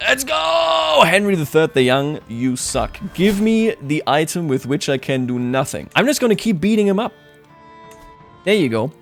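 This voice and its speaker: Male let's-play commentator, fairly high voice, wry and playful, with quiet background music. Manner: sarcastic, jokey, laughs often. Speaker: gaming YouTuber.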